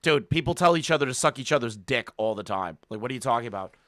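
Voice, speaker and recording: A man's voice: medium pitch, lively intonation, fast, a bit bright, no echo, clean studio sound. A man streaming live, reacting to a call with crude, mocking commentary and frequent laughter. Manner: profane, mocking, laughs often.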